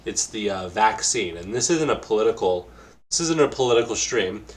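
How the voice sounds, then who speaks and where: A man's voice: on the low side, lively intonation. A man co-hosting a casual stream, asking questions in an easygoing, jokey way. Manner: easygoing, jokey, quick to exclaim. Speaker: podcast co-host and interviewer.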